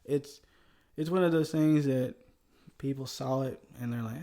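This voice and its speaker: A man with a Southern US accent, talking loosely and chuckling often as he hosts a history podcast. His voice is mellow and dark, and his pitch is middling for a man. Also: a little slow, creaky. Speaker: podcast host. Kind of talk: casual history podcast chat.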